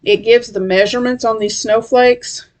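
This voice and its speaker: A middle-aged woman from West Tennessee hosts a crochet channel, chatting casually about her projects in a vlog style and rambling with many ums and restarts. Her voice is a little high and steady at normal speed.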